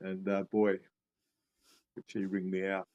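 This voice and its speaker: Australian man telling stories, lower voice. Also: a little slow, lo-fi sound. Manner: animated storyteller who acts out his past reactions. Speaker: guest, shamanism teacher. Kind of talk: casual storytelling interview.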